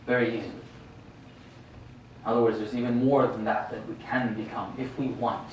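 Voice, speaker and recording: A man's voice: mid-range voice, level tone, normal speed, long pauses. A man giving a religious sermon in a mosque hall, talking conversationally and often asking his listeners rhetorical questions. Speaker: sheikh giving a religious lecture. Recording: very echoey hall, voice distant from the mic, faint noise.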